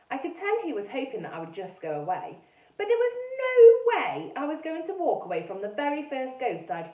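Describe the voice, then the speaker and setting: A woman teacher reading a storybook aloud in a lively, animated way. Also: medium pitch. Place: classroom or school room. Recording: echoey room, mic far off, dull sound.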